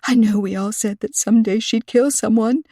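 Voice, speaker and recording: A woman voicing a frantic, soft-spoken assistant librarian who talks breathlessly and in panic, in an audiobook reading. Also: steady tone, normal speed, no echo, studio quality, close to an everyday voice. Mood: panicked. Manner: breathless, panicky, high and tremulous.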